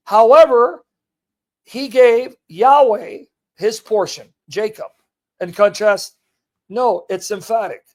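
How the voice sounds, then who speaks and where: A man hosting a livestream, reading a passage aloud and commenting on it with emphatic rhetorical questions to his viewers. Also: high-pitched. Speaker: host of a livestream. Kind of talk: live teaching and commentary, reading a text aloud.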